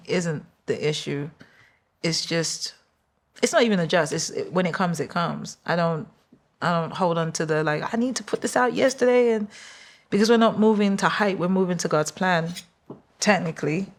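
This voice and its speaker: A woman in her forties from London with a London accent, chatting as a podcast guest, animated and laughing often. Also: normal speed. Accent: London English. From London, England. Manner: animated, laughs often, quotes people in high voices. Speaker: guest singer. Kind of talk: casual podcast chat.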